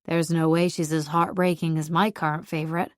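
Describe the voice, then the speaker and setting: A prickly young man grumbles defensively through this audiobook scene, voiced by a woman narrator. His lines come out gruff and a little loud. The sound is dry and close. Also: sits low, flat delivery, a little fast, no room sound, lightly acted. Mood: grumbling. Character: grumpy young man, prickly rival driving an old truck. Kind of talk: audiobook character voice.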